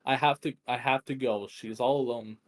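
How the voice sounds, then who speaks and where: A man's voice: mid-range voice, fairly even intonation, normal speed, close to an everyday voice. A man reading the lines of a frightened young woman desperate to help a friend. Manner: desperate, pleading.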